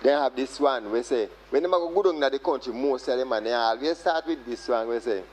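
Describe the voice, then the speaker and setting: A man's voice: mid-range voice, a little fast, few pauses. Jamaican man explaining Kumina songs, lo-fi. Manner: chanting call-and-response songs. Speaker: Kumina practitioner. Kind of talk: singing and explaining folk songs. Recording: dull lo-fi audio.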